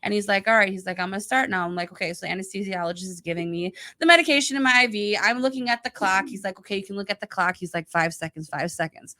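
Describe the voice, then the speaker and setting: A woman's voice: medium pitch, fast, few pauses. A woman co-hosting a podcast, telling a personal story in casual chat and acting out what she said. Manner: animated storyteller, acts out her own past lines. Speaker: podcast co-host.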